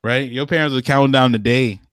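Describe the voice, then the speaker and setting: A man's voice: medium pitch, fairly even intonation, brisk, no room sound. Guy cussing and joking on a podcast, slangy banter, dry close sound. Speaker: podcast co-host. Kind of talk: casual chat.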